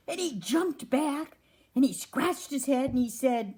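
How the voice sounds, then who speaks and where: A woman's voice: high voice, slow pace. A woman from a wildlife rescue reading a children's story aloud and asking the audience questions. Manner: animated, asks the audience questions.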